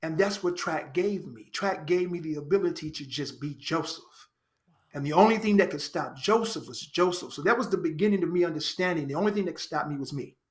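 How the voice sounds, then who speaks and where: A man from Chicago, a podcast guest, telling his life story in an earnest, animated way and repeating phrases for emphasis. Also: a little high. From Chicago, United States. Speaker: podcast guest, actor and writer. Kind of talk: reflective personal storytelling.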